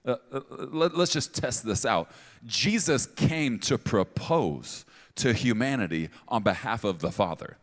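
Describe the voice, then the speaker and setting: A man's voice: mid-range voice, animated, a little slow. A man preaching a sermon as pastor, conversational and emphatic, with playful asides. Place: large church auditorium. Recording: long hall reverb.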